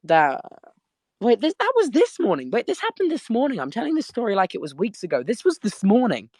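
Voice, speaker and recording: A man's voice: sits high, wildly swooping pitch, a little fast, a little mellow, no echo, clean studio sound. A young English man, tired after little sleep, chatting casually as host of a live audio stream. He rambles through a story, laughing and restarting his sentences, and speaks from his bed. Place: sitting in bed at home.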